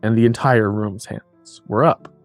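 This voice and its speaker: A man's voice: fairly low pitch, steady tone, a little slow, soft background music. A man guest on a podcast, talking earnestly and with passion, repeating his phrases for emphasis. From New Mexico. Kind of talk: earnest interview talk.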